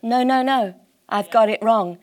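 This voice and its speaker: A woman preaching a sermon in church, impassioned and emphatic, slowing down to stress key words. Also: fairly high pitch.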